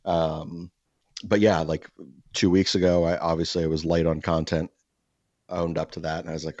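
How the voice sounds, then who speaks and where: A very low-voiced man hosts a podcast and talks in a loose, swearing ramble that keeps restarting itself. The sound is dry and close, with a slightly dull, lo-fi tone. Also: normal speed, a little mellow, no room sound. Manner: rambling, profane storytelling with many restarts. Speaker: podcast host. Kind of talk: casual podcast chat.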